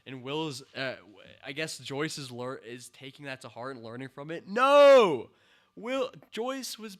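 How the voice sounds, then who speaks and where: A man's voice: mid-range voice, normal speed, fairly bright tone. A man reviewing a TV show in a ranting commentary, exasperated, sighing and laughing in disbelief.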